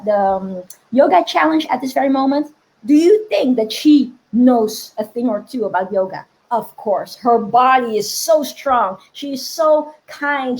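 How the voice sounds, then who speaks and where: A woman giving a live-stream money coaching talk, energetic and asking viewers questions. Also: high voice, poor audio. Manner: energetic, asks the audience questions.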